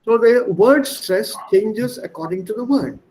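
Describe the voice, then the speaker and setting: High-voiced man with an Indian accent. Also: expressive, measured pace, a little mellow, low-quality recording. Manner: explanatory, repeats and spells out words, fillers. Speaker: language teacher. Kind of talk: online class lecture. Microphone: video call.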